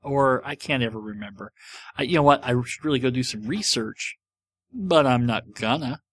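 A man's voice: mid-range voice, expressive, normal speed, a bit bright. A middle-aged man hosting a casual podcast, answering listener questions in a rambling, self-mocking way. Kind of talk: casual chat.

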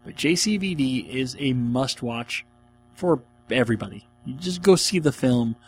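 A man's voice: medium pitch, lively intonation, moderate pace, a little hiss or hum. A man hosting a podcast, answering listener questions in an enthusiastic, rambling casual chat. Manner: enthusiastic, rambling, laughs often.

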